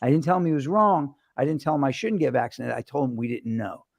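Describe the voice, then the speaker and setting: A man hosts a loose chat, his voice gravelly with fry and picked up dry and close. He rambles from story to story, animated and profane, at a middling pitch. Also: fast, no room sound. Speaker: host. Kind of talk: casual chat. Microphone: webcam or phone camera mic.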